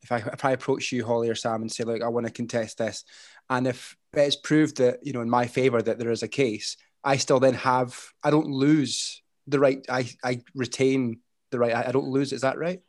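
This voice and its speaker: A man's voice: mid-range voice, steady tone, normal speed, no room sound. A man hosting an interview, asking long, enthusiastic questions. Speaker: podcast host.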